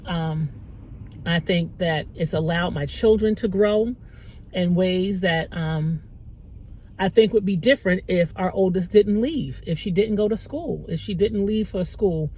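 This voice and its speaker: Her voice husky and a little slow, a middle-aged mom who runs a small business offers an emotional faith pep talk to the camera. She is tearful yet warm and conversational, her pitch rising and falling with bursts of laughter.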